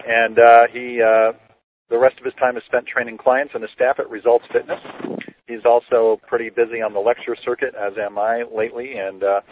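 A man's voice: mid-range voice, a little hiss or hum. A man co-hosting a podcast, introducing a guest in a loose, upbeat way with many fillers. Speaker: podcast co-host. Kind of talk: casual podcast interview. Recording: tinny phone-like audio.

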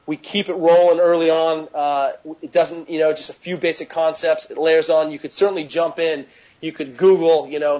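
A man with a slightly higher voice, talking energetically about coaching athletes in a casual interview. He piles on fillers and restarts, and the recording has a muffled, lo-fi sound. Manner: energetic, filler-heavy, restarts often with "you know". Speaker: mobility coach.

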